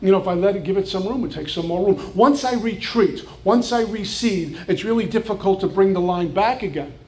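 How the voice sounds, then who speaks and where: A man's voice: high voice, lively intonation, fairly quick, darkish tone. A man from New York with a New York accent, giving an earnest personal recovery testimony with flashes of wry humor. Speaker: recovery speaker.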